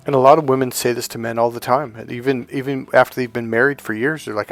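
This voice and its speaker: A middle-aged dating coach talks to camera in a blunt, emphatic way, swearing freely and repeating phrases for stress. His medium-pitched voice is gravelly and steady in tone, a little fast, with few pauses.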